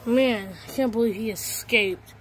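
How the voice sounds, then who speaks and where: A scheming cheese-hunting villain, put on by a woman mutters in a hushed, grudging way. The delivery is quiet and unhurried, close to an everyday voice. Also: fairly high pitch, slight background noise, lightly acted, rough recording. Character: sneaky cheese-hunting villain chasing the player.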